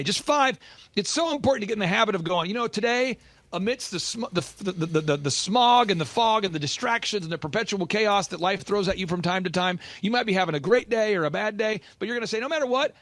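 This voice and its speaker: A man with a high-pitched, fairly bright voice talks fast, with no room sound. He plays a business coach on a motivational podcast, urgent and emphatic, repeating key lines to drive them home.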